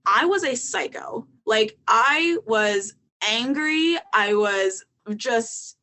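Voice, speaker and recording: A woman's voice: a little high, expressive, slow, pushed and bright. A young adult woman, a podcast guest, telling her story in candid casual talk, with frequent ums and likes.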